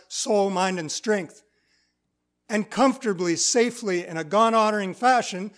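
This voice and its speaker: A man's voice: high-pitched, measured pace, fairly bright tone. A man preaching a sermon in church. He reads scripture aloud and explains it in plain, conversational teaching.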